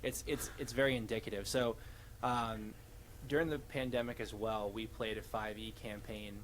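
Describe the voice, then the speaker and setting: A man who runs tabletop games, recalling a campaign story in casual podcast chat, pausing to find his words. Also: fairly low pitch, fairly even intonation, slight background noise. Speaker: podcast co-host or guest, game master.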